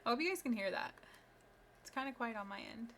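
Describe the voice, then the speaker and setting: Chatty bright-voiced woman streamer. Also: a little high, expressive, fast, slight background noise. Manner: chatty, upbeat, talks to viewers. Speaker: live streamer. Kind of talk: casual live-stream chat while building.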